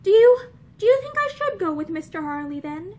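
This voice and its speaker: Timid, self-effacing young woman, very high and hesitant; voiced by a female reader. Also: big pitch swings, a little fast, darkish tone. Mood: troubled. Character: timid, troubled, tender-hearted young woman.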